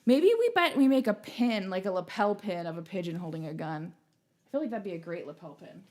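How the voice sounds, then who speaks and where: A woman hosting a live streamed show, chatting casually and firing excited questions at her viewers. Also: fairly low pitch, fairly quick. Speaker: livestream show host. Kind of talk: casual chat to a live audience.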